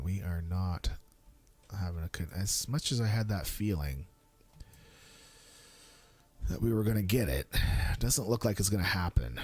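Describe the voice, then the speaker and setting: Slow-talking rambling father on stream. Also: darkish tone. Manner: rambling, trails off with fillers and restarts; high squeaky voice when quoting his young son. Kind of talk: casual live-stream chat.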